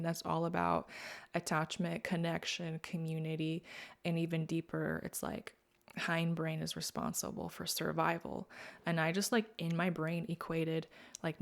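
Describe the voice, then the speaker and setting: A woman hosts her own podcast in a candid, searching way, leaning on "like" as she works through her thoughts. Her voice sits fairly low and carries a strong gravelly fry. She drops into whispered asides at times and lifts her voice when her feelings well up. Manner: candid, searching, filler-heavy with frequent "like"; shifts between quiet, whispered asides and raised, emotional moments. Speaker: podcast host. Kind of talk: personal reflective podcast talk.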